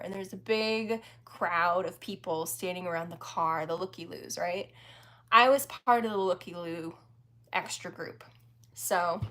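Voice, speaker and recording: A woman's voice: on the low side, fairly bright tone. A woman in her forties hosting a livestream, telling a story in a chatty way, laughing often and talking with plenty of fillers. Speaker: livestream host.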